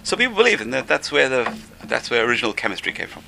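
Gravelly, bright-voiced man teaching a religious class. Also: medium pitch, wildly swooping pitch, fast, slight background noise, poor audio. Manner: enthusiastic, repeats "amazing". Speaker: Torah teacher.

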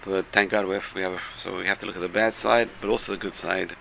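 A man giving a storytelling Torah talk, animated, swinging between loud bursts and soft asides, with a gravelly voice. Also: sits low, fast, background noise.

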